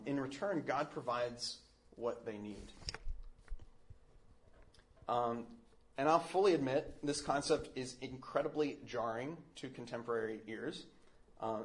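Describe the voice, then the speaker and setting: A man gives a relaxed talk on faith, with a mid-pitched voice. He is thoughtful and earnest, and he often pauses on fillers or restarts a phrase as he works his way through the ideas. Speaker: Catholic speaker. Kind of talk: casual teaching talk.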